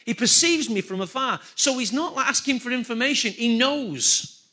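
Male preacher, high and bright, animated, calls on the congregation. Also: normal speed. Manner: animated preaching, repeats key phrases, asks the congregation questions. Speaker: pastor. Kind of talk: sermon.

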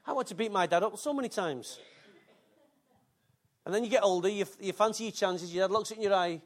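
A man's voice: high voice, fairly quick. An older man, preaching a sermon in a chatty, joking way with asides to the congregation. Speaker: pastor.

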